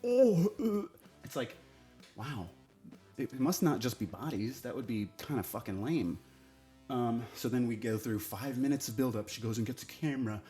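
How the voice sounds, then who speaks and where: A man's voice: mid-range voice, expressive, unhurried, dark tone, faint music behind. Sarcastic man reviewing a TV show. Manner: sarcastic, exasperated, swears casually. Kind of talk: casual opinionated review.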